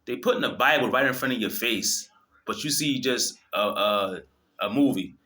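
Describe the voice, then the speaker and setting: A man preaching straight to his viewers in a fervent, profane stream. His voice is bright and forceful, with the pitch sitting in a middle range. He keeps stumbling and restarting as his words pile up. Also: normal speed. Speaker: video host. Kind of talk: impassioned religious monologue.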